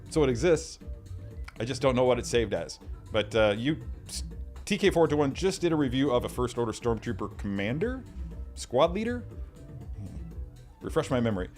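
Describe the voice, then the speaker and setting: A livestream host with a mid-range, darkish voice chats casually as he reads out viewer comments. He often repeats himself and trails off into mumbled asides.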